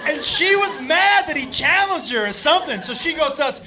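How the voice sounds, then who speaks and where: Very high-voiced man doing loud stand-up. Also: moderate pace. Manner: loud, animated, profane, often shouting to the crowd. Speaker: stand-up comedian. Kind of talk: stand-up storytelling. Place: comedy stage before a live audience. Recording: live club recording with crowd laughter and noise.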